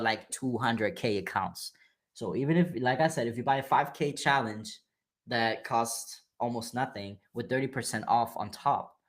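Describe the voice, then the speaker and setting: A man with a German accent runs a trading livestream, his mid-range voice carrying a fairly bright tone. He chats casually and pumps up his viewers with slangy hype, calling them bro.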